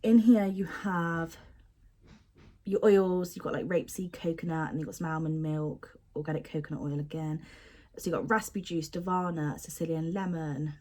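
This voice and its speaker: A woman's voice: deep voice, steady tone, normal speed, a little mellow. A young woman chatting casually and expressively as she unboxes and sniffs bath products, often poking fun at herself. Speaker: beauty product unboxing vlogger.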